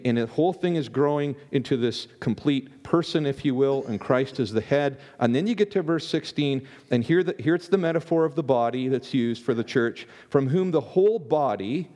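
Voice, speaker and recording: A man's voice: mid-range voice, darkish tone. A man preaching a conversational sermon as a pastor, often repeating words and restarting his sentences.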